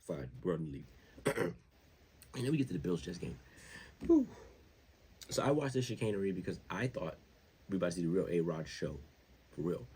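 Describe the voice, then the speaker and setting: A man hosting his own show, talking football in a casual, slangy, rambling way that gets more animated as he goes. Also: low voice, brisk, long pauses, breathy edge. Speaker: show host. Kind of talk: casual sports commentary.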